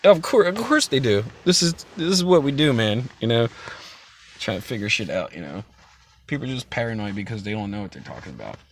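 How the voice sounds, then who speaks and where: A man's voice: mid-range voice, big pitch swings, brisk, slight background noise. A young man hosting a casual chat stream, rambling loosely with frequent swearing and laughter. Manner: rambling, profane, laughs often. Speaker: stream host.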